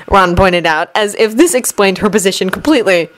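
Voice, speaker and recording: A woman reading a story aloud in expressive scripted narration. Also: mid-range voice, brisk, low-quality recording. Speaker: audiobook reader.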